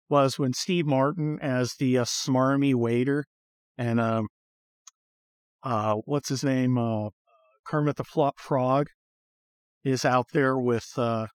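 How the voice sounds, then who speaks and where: A man's voice: mid-range voice, dry recording. A man hosting a podcast from inside a car, giving blunt, profane opinions in a rambling, casual way with lots of fillers. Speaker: podcast host.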